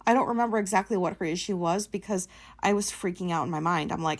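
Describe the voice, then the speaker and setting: A woman's voice: medium pitch, expressive, a little fast. Blunt, swearing woman telling a story. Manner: blunt and profane, many fillers. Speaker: podcast host. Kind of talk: casual personal storytelling.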